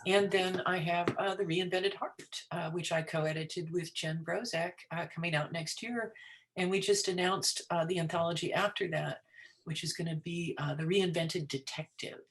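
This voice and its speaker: A woman's voice: fairly low pitch, fairly even intonation, moderate pace. A woman guest, a writer, chatting in a round table with many fillers. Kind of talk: casual round-table chat.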